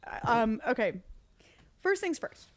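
A woman comedian from Long Island chats on a podcast as a guest. She tells her stories with lively, animated energy and breaks into laughter often. Her voice sits a bit high. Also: measured pace. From Long Island, New York. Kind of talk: casual podcast chat.

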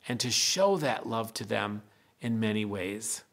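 A middle-aged pastor reading a Bible story and giving a children's message, explaining simply and gently. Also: male voice, fairly low pitch, measured pace, gravelly.

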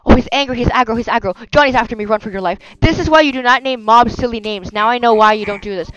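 Excitable high-pitched woman gaming host. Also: quick pace, hardly any pauses, slight background noise, rough recording. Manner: excitable, yelps and cries of no at danger. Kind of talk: casual Minecraft gameplay commentary.

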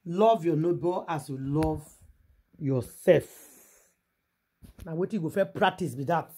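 Husky man with Nigerian Pidgin accent. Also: a little high, a little slow, a little mellow. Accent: Nigerian Pidgin English. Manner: preachy, rhetorical, talks straight to viewers. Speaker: gossip vlogger. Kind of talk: casual commentary.

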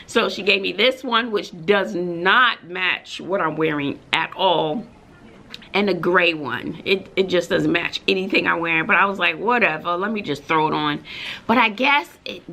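A woman's voice: medium pitch, measured pace, gravelly. A woman teacher with a Texas accent, vlogging casually from her classroom at lunch and telling stories with sudden squeals. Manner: chatty, animated storytelling with sudden squeals. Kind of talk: casual vlog chat.

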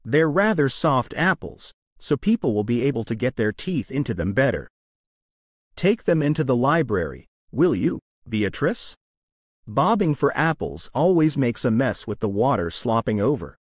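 A male audiobook narrator reading the lines of a brisk, practical middle-aged woman organizing a party, giving instructions. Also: mid-range voice, big pitch swings, dry recording, studio quality.

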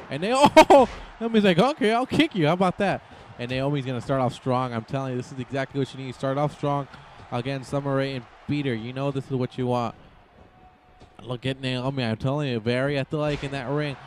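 Excitable male play-by-play voice, mid pitch, rambling and loud on big moments. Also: slight background noise. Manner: excitable, rambling, jumps into sudden shouts. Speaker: gameplay commentator. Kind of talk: excited play-by-play of a wrestling video game.

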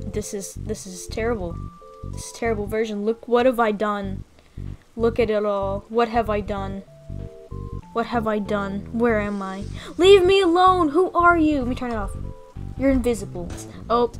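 A young woman giving casual, playful commentary as she plays a game, excitable and full of gasps and mock panic. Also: mid-range voice. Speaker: gaming video creator.

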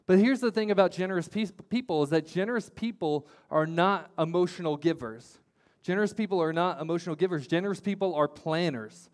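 A pastor gives a sermon in a fairly high male voice. He drives points home by repeating phrases and often restarts mid-sentence. His talk is plain and conversational. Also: a little fast. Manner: repetitive emphatic phrasing, many restarts.

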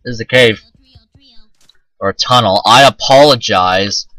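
A man's voice: lowish voice, measured pace, bright, forceful tone, no room sound, rough recording. A man casually commenting on his own gameplay, rambling and self-mocking and swearing often. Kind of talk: casual let's-play commentary.

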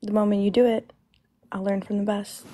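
A woman's voice: medium pitch, little pitch movement, fairly quick, dark tone. A woman in casual livestream banter, answering her rival with playful, mocking comebacks. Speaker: livestreamer in a live battle.

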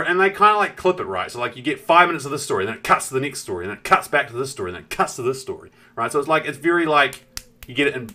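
Bright-voiced southern New Zealand man streaming. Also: mid-range voice. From South Island, New Zealand. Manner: rambling, chatty, greets viewers mid-story, swears casually. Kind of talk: casual live-stream chat while gaming.

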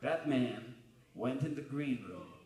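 A man's voice: medium pitch, lively intonation, slow pace, a little mellow. A man playing a blunt, swearing bar owner. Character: blunt middle-aged male bar owner. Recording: roomy live venue from far off.

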